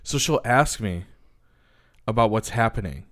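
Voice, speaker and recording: A man's voice: fairly low pitch, expressive, a little slow, fairly bright tone. A man co-hosting a podcast in casual chat, answering with short, laid-back agreeing replies. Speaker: podcast co-host.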